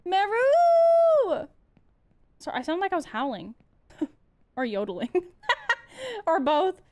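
A young woman streaming a game, chatting casually, laughing often and yelling at the game. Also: high-pitched, big pitch swings, fairly quick, long pauses, highs cut off. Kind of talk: casual gameplay commentary.

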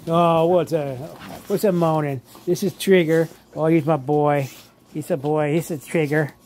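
Man filming at home on a handheld camera, unhurried, fond baby talk to his dogs. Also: on the high side, steady tone, a little mellow, slight background noise. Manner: slow, drawling, doting, laughs often. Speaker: vlogger showing his dogs. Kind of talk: casual home vlog, talking to pets. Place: home living room.

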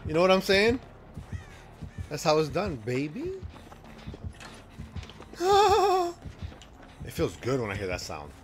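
A man's voice: fairly high pitch, wildly swooping pitch, moderate pace, pauses often. A man streaming a horror game, chatting, joking and laughing often as he plays. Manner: laughs often, playful trash talk. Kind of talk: live gaming commentary and storytelling. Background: game music.

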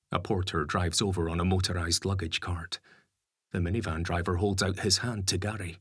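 A man narrating an audiobook story in a measured, even storytelling manner. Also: deep voice, breathy edge, no echo, clean studio sound. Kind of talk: scripted narration.

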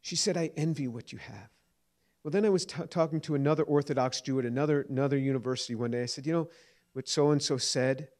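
A man's voice: medium pitch, fast talker, darkish tone. Earnest man answering audience questions. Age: 50s. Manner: earnest, repeats and restarts words. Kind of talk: lecture Q&A answer.

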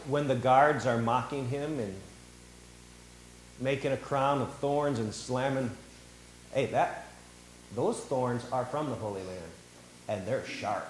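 A man preaching a sermon in a church, animated and theatrical, acting out the voices of the people he talks about. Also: mid-range voice, slow pace, pauses often, roomy sound, slight background noise, low-quality recording. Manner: animated, acts out quoted voices. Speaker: pastor. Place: church sanctuary.

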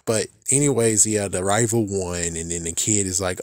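A man rambling through a casual book review, slangy and quick to laugh, with exaggerated asides. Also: on the low side, a little mellow, no echo, clean studio sound.

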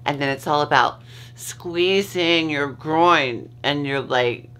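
A woman's voice: low voice, slow pace, a bit bright, clean tone. A woman vlogger chatting casually from her bed at home, rambling, losing her train of thought and swearing freely. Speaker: vlogger host. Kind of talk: casual chat.

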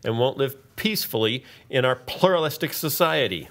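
A man hosts a casual podcast chat, talking in an animated way and reading listener letters aloud with joking asides. His voice sits at an ordinary middle pitch, and he sounds like he is on a studio mic. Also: normal speed. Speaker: podcast host.

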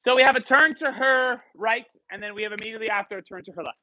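A man's voice: high voice, quick pace, bright, forceful tone, no room sound, lo-fi sound. A man teaching a live salsa class, counting beats and calling cues in Spanish and English to the dancers. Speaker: salsa instructor.

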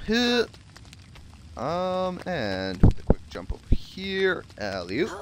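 Heavy background noise surrounds a medium-pitched man with a South Jersey accent as he casually comments on his gameplay. His let's play style is chatty and sarcastic, with casual swearing.

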